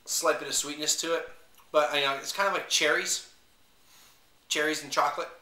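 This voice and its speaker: A man with a bright, forceful, slightly high voice talks through a wine review, filling gaps with ums and uhs. He sounds set back from the mic in an echoey room. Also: fairly even intonation, normal speed, recorded from a distance. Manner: rambling, many fillers, unsure of pronunciations. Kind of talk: casual video review.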